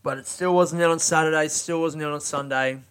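A man's voice: a little high, steady tone, a little fast, fairly bright tone, clear, resonant tone. A young Australian man telling a rambling, sweary comic story about waiting for money.

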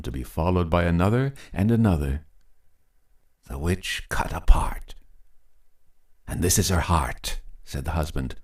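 A man reads a story aloud in a deep, low voice. He takes his time, letting each phrase land in a measured, unhurried rhythm that suits a storybook narration. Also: a little mellow. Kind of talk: scripted narration.

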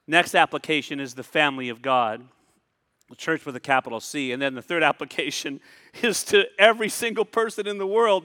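A man preaching a sermon in a relaxed, conversational manner, often repeating phrases to drive a point home. His voice sits a little high and rings bright and forceful. A long reverb from a church hall trails behind his words. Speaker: pastor.

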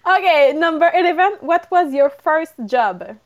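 A woman's voice: very high voice, lively intonation, measured pace, highs cut off. A woman co-hosting a podcast, reading numbered questions and laughing often. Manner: giggly, reads questions from a list. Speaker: podcast co-host asking questions. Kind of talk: casual podcast Q&A.

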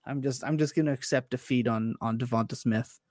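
A man chatting on a podcast as a guest, animated and self-deprecating, often stumbling and restarting his words. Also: mid-range voice, brisk, no room sound, studio quality. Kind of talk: casual chat.

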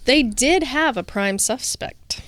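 A woman's voice: high voice, lively intonation, slow pace, a bit bright, no echo. Female podcast co-host, clean resonant voice, dry close mic, casual true-crime storyteller. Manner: reads researched notes, breaks into casual asides.

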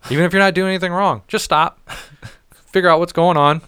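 A man's voice: sits high, steady tone, brisk, pushed and bright, clean tone, no echo, studio quality. A man from the St. Louis area talking bluntly in a casual podcast chat, swearing and laughing often. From St. Louis area, United States.

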